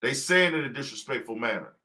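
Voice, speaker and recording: A man's voice: mid-range voice, expressive, quick pace, pushed and bright. A man hosting a casual livestream talk show, preaching his point with rhetorical questions he answers himself. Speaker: podcast host.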